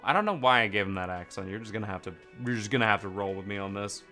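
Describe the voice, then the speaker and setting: A man giving casual let's play commentary, animated and jokey, swearing often. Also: lowish voice, rapid-fire, soft background music. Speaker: gaming channel host.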